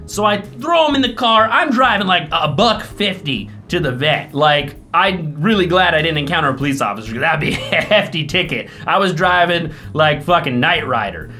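A man talks straight to camera in a loose, rambling vlog, cursing freely as he acts out the people in his story. His delivery is animated and sarcastic. Faint music plays underneath. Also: fairly high pitch, normal speed, hardly any pauses. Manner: animated, profane, mocking impressions. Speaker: vlogger.

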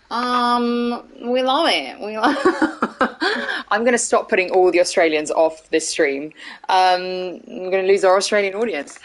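A woman's voice: medium pitch, measured pace. A middle-aged woman hosting a casual live stream, bubbly and laughing often as she greets viewers. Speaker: streamer and host.

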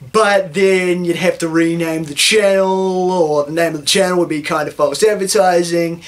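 A young man from New Zealand with a New Zealand accent, ranting sarcastically and with lots of swearing in a satirical vlog. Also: on the high side. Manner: sarcastic, profane, mock-indignant. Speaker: YouTuber.

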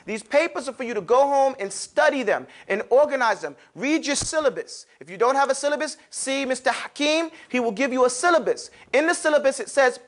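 A man teaching Arabic pronunciation to a class, demonstrating sounds with exaggerated mouth shapes in an animated way. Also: extremely high pitch, a little fast, hardly any pauses. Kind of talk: classroom lesson. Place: classroom with students.

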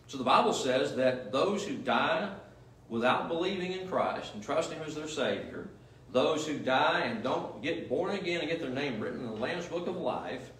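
A male pastor with a mid-range, fairly bright voice preaches in church, pressing his points through repetition, emphasis, and rhetorical questions. There's a little hiss or hum, and the distant mic captures an echoey room.

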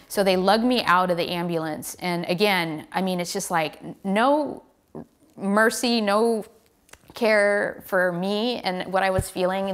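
An American woman, a professional cyclist, telling a story in a casual, animated way and acting out the lines people said to her. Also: on the low side. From United States. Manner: animated, relives the scene with quoted lines.

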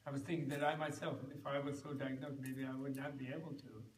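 A man teaching at a meditation retreat, telling stories in a rambling, halting way with many restarts. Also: mid-range voice, little pitch movement, a little hiss or hum. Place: retreat center hall. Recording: roomy hall, recorded from far off.

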